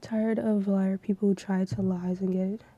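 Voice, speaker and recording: A woman's voice: mid-range voice, flat delivery, moderate pace, mellow, muffled recording. Young woman streamer, casual, swears constantly, blunt venting storyteller. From Florida. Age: 20s. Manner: profane, ranting storyteller. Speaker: livestreamer.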